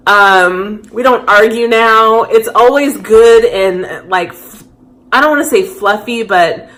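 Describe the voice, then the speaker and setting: A woman's voice: fairly high pitch, slow, fairly bright tone. A woman in her thirties talking candidly and reflectively to camera in a personal vlog. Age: 30s. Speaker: vlogger.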